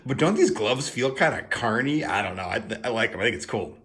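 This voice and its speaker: A man's voice: mid-range voice, lively intonation, fairly quick, fairly bright tone. A man hosting a casual tarot video, explaining things in a playful, chatty way with plenty of asides and fillers.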